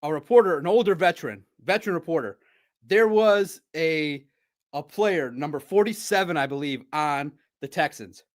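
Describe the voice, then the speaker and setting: A middle-aged man hosts a casual sports recap. His voice sits a little higher than most men's. He tells his stories in an animated, chatty way. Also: moderate pace. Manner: animated, chatty storytelling with laughs. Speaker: podcast host.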